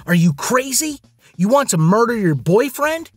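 A man's voice: extremely high pitch, big pitch swings, moderate pace, breathy edge, dry recording, voice pushed up, heavily acted. A man voicing a scheming, cocky rich young man who talks in a bossy, demanding way. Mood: smug.

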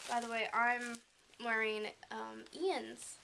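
A woman vlogging as she unboxes something, talking in a halting, subdued way with many pauses and fillers, into a camera mic. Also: fairly high pitch, big pitch swings, vocal fry, background noise. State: emotional, subdued. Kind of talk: casual unboxing chat.

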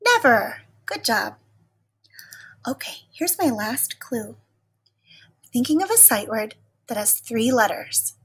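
A woman teacher giving a recorded lesson to young children, speaking in a slow, patient and encouraging way. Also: on the high side, lively intonation, breathy edge.

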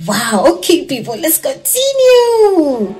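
A woman's voice: high voice, huge pitch swings, takes it slowly, darkish tone. A woman hosting a reaction video, giving casual, gushing and admiring commentary. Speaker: reaction channel host. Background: faint music.

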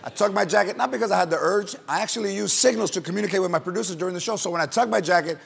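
Gravelly high-voiced joking male host. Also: racing. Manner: brash, joking, bursts of shouting. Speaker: late-night talk show host. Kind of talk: comedic monologue and interview. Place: TV studio with live audience. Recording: roomy studio with audience and music.

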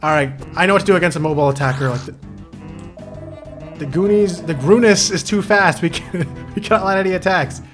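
A man playing through a video game and talking over it in a casual, excitable way, cursing whenever things go wrong. His voice sits a little high for a man. Soft game music plays under him. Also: brisk. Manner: excitable, swears freely, talks to himself. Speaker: gaming channel host. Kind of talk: casual let's play commentary.

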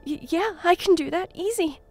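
A man voicing a tired, frightened teenage girl in an audiobook story, speaking softly and hesitantly with apologetic restarts. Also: very high voice, moderate pace, soft background music, pitched above the performer's own voice. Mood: hopeful. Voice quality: soft, breaking voice. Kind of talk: audiobook character voice.

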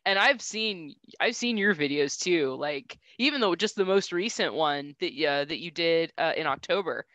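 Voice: mid-range voice, animated, moderate pace, hardly any pauses, bright, forceful tone, dry recording. A podcast co-host gushing with enthusiasm in casual talk. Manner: enthusiastic, effusive. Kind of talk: casual interview.

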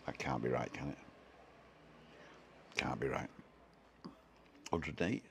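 A man's voice: extremely low pitch, slow, creaky, long pauses, slight background noise. A man hosting a casual live stream, chatting in a self-deprecating way and reading out viewer comments from home.

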